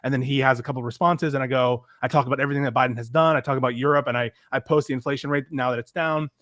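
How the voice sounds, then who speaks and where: A man co-hosting a casual political talk show, telling an animated story about an online exchange. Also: mid-range voice, very fast, no room sound, clean studio sound. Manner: animated storyteller, reads out messages. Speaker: podcast co-host.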